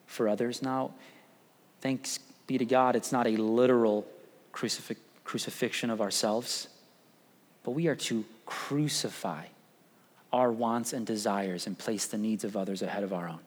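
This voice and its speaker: Man preaching in a reverberant church. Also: mid-range voice. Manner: conversational preaching, rising to emphatic peaks. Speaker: pastor. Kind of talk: sermon. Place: church sanctuary.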